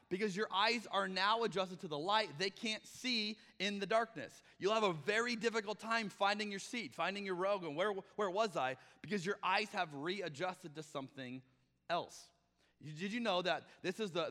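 A man's voice: high-pitched, pushed and bright, big-room sound. A man preaching a conversational sermon as pastor, often acting out the voices he quotes.

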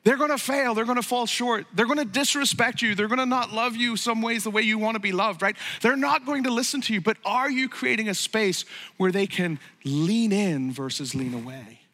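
A man's voice: high voice, normal speed, sharp tone. A middle-aged man preaching a sermon as pastor, emphatic and building to raised peaks. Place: church sanctuary. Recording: long hall reverb.

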